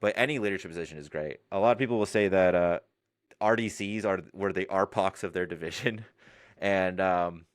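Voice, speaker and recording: Deep-voiced man talking about the service. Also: a little fast, clean tone, no room sound, clean studio sound. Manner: relaxed, rambling, laughs between points. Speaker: Navy recruit division commander, guest. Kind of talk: casual interview answers.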